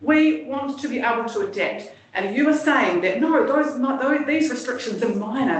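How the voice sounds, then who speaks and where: A woman's voice: fairly high pitch, lively intonation, normal speed, few pauses. Emotional New Zealand woman in echoey hall. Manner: emotional, pleading, tired. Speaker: submitter at a council hearing. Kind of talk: impassioned off-the-cuff testimony. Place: large hall, indoors. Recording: echoey hall, speaker far from mic.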